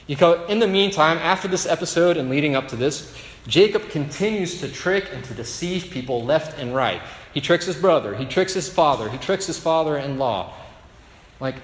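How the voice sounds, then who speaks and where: A man preaching a sermon in a casual storytelling way, checking in with the room through quick asides. His voice carries the long ringing echo of a large church hall. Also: on the high side, fairly bright tone. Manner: storytelling, conversational with rhetorical asides. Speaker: pastor. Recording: echoey hall reverb.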